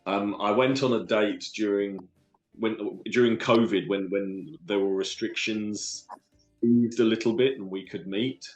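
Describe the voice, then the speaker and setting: A man from London with a London accent, a guest telling stories from his life in an earnest, halting way with many restarts. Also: fairly low pitch, steady tone, roomy sound, lo-fi sound, soft background music. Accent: London English. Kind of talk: casual storytelling interview.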